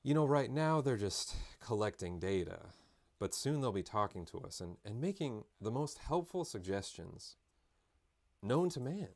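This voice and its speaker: A man's voice: on the low side, big pitch swings, a little slow, creaky, a little mellow. A man chatting casually and rambling with jokes while painting live on a stream. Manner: rambling, joking, self-interrupting.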